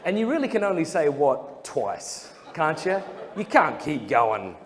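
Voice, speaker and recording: A man's voice: fairly high pitch, very animated, a little slow. A man with an Australian accent telling funny stories in a jokey, self-deprecating way with frequent chuckles. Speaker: speaker. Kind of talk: humorous storytelling talk. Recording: long hall reverb, faint noise.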